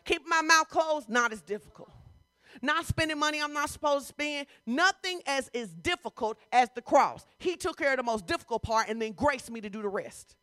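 A woman pastor preaching a sermon in a conversational, informal way, switching between loud emphasis and hushed asides. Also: high voice, lively intonation, brisk. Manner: informal, talks straight to the congregation.

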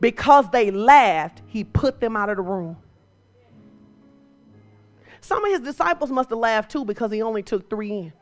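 A woman preacher delivering a sermon, moving from quiet storytelling to shouted exhortation. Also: a little high, lively intonation, normal speed, long pauses, soft background music.

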